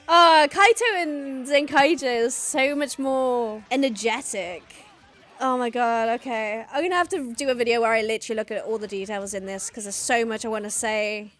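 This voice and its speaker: A woman's voice: sits high, a bit bright. A woman hosting a reaction video, exclaiming, gasping and laughing as she watches. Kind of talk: excited reaction commentary.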